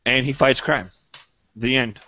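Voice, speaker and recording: A man's voice: mid-range voice, measured pace, no room sound, muffled recording. A man co-hosting a podcast, trading playful, boastful jokes in casual banter. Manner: playful, boastful deadpan bits. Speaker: podcast co-host.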